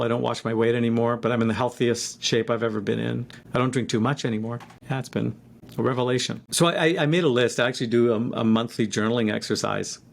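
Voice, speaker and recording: A man's voice: medium pitch, vocal fry. Man in his fifties telling a personal story. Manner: reflective, halting with restarts and fillers.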